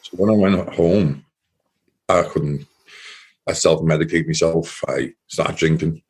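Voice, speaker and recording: A man, a former soldier, giving a personal account in an interview, talking earnestly and haltingly and often repeating his words. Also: a bass voice, a little mellow, slightly rough.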